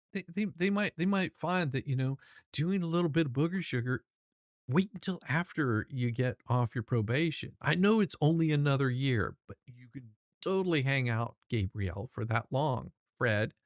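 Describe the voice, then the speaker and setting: A man's voice: mid-range voice, no echo, clean studio sound. A man hosting his channel, reading court documents aloud and mocking the people in them, rambling with many restarts and swearing. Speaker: channel host.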